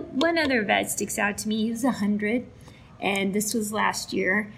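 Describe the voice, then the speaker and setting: The recording is rough and carries a little hiss or hum, but her medium-pitched, gravelly voice comes through at a moderate pace. This Alaskan storyteller for a veterans' flight charity relays veterans' stories casually, animating the quoted dialogue.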